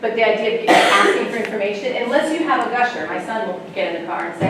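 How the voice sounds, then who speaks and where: A woman, a sex educator, giving a chatty, animated talk to parents and often laughing. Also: fairly high pitch, fast talker, hardly any pauses, crowd noise. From United States. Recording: echoey room, mic far off, faint ambience.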